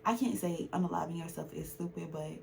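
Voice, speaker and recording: A woman's voice: on the low side, quick pace, creaky, a little mellow, a little hiss or hum. A woman hosting a podcast, speaking candidly and with feeling in a casual chat. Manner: emphatic, heartfelt, speaks in a dialect. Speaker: podcast host.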